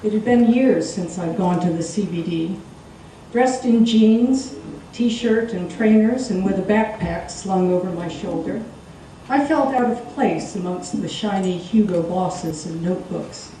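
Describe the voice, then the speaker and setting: A woman performing a wry, expressive story reading live in a theatre. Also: medium pitch, a little slow, slight background noise. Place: theatre stage. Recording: echoey live stage, distant mic.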